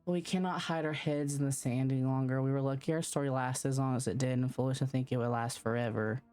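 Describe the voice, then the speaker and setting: A woman's voice: extremely low pitch, steady tone, quick pace, mellow, smooth, faint music behind. A woman reading as a young letter-writer in love. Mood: wistful. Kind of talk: reading game letters aloud.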